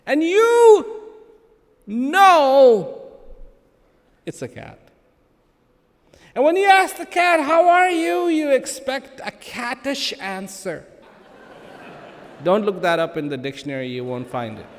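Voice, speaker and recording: Slow, lively man in a big hall. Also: very high-pitched. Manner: slow, emphatic, with playful humor and dramatic pauses. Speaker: speaker addressing an audience. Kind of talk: spoken address to a live audience. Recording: long hall reverb.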